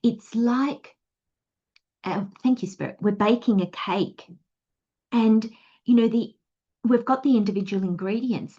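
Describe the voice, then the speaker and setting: A woman's voice: medium pitch, a little slow, long pauses, dark tone, muffled recording. An Australian woman giving a tarot reading in a chatty, rambling way, slipping into little acted inner voices. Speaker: tarot reader. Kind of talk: casual spiritual guidance talk.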